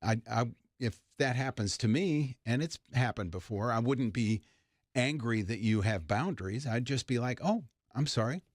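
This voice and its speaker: Soft-spoken man on a dry studio mic. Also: medium pitch, no room sound. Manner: hesitant, measured, pushes back gently. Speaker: radio show co-host. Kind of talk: casual radio talk.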